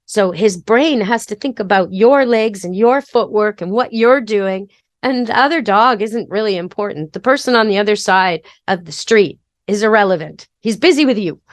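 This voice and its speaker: A woman's voice: mid-range voice, moderate pace, no echo. A woman pet expert hosting a podcast, giving practical, step-by-step training advice in a chatty, casual way. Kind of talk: casual instructional talk.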